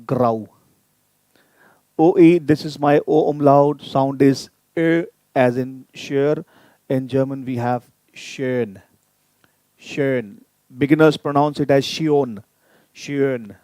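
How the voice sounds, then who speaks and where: Slow, mellow man drilling pronunciation. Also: mid-range voice, dry recording. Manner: repeats sounds slowly to drill pronunciation; addresses viewers directly, inviting typed questions. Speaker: German language teacher. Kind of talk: live online language lesson.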